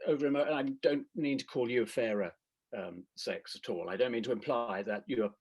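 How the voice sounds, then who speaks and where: A man's voice: mid-range voice, fairly quick, husky. A man playing a pompous, bumbling gent. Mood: patronizing. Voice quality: bumbling, patronizing, tripping over his words. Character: pompous, clueless prejudiced British gentleman. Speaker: consultant acting out a skit.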